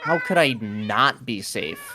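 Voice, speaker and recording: A woman voicing a tearful, cat-obsessed woman in a comedy duologue, her voice cracking and leaping high. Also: animated, slow, heavy background noise, heavily acted. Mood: tearful, pleading. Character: woman who dotes on her many cats. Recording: loud cat screeching behind.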